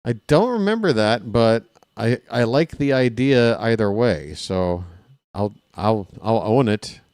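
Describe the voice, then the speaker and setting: A man calling a baseball game live in a casual play-by-play style, chatty and candid, drifting into personal asides between the pitches. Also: animated, measured pace, darkish tone, no echo, clean studio sound. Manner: candid and self-deprecating. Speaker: play-by-play announcer.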